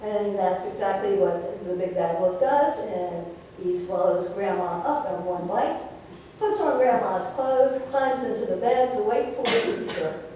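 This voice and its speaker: A woman's voice: mid-range voice, animated, measured pace, warm tone, a little hiss or hum. A woman minister telling a fairy tale in a sermon, playful and chatty with the congregation. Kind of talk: storytelling sermon. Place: church sanctuary. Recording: echoey hall from far off.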